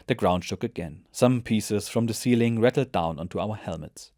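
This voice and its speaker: A man narrating a war memoir in a measured, even reading voice. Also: lowish voice, no echo, studio quality.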